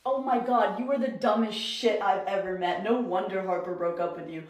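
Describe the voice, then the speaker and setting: Brief: young female influencer, heated profane rant, mid pitch, roomy echo. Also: normal speed. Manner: angry, profane, emotional rant. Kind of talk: ranting storytime video. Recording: echoey room.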